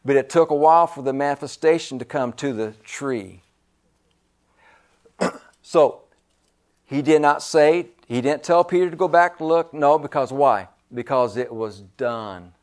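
A man preaching a sermon, emphatic and repetitive, swinging between loud stresses and hushed asides. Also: fairly high pitch, a little slow.

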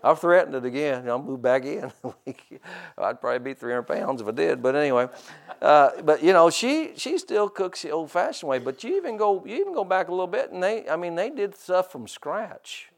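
A man's voice: fairly high pitch, big pitch swings, moderate pace, creaky. A middle-aged man preaching a sermon, stretching out scripture quotes for emphasis and tossing casual asides to the congregation. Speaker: pastor.

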